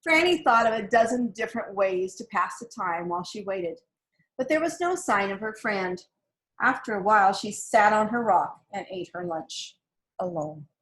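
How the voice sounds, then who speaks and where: A woman reads a children's picture book aloud with gentle expression. Her voice sits at a middling pitch for a woman. The pacing suits a story for young listeners. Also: animated, normal speed. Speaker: storybook reader.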